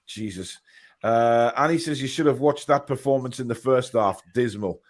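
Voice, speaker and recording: Male host, medium pitch, hesitant, full of ums, reads out chat comments on a call. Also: moderate pace. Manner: hesitant, many fillers, reads comments aloud. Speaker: podcast host reading viewer comments. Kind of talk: casual football chat.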